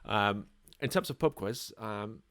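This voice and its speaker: Low-voiced English podcast host. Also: male voice, unhurried, dry recording, studio quality. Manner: relaxed, rambling, many ums. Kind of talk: casual podcast chat.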